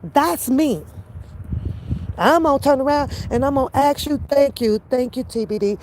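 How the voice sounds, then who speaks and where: A woman's voice: high voice, lively intonation, moderate pace, darkish tone, slight background noise. A woman giving her blunt, profane opinions in a casual commentary rant, repeating phrases for emphasis. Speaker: reaction commentator.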